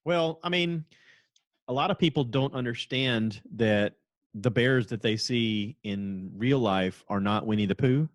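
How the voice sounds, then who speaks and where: A man's voice: mid-range voice, unhurried, no echo, studio quality. A man hosting a podcast, chatting casually and acting out other people's lines as he tells stories. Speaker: podcast host. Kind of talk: casual chat.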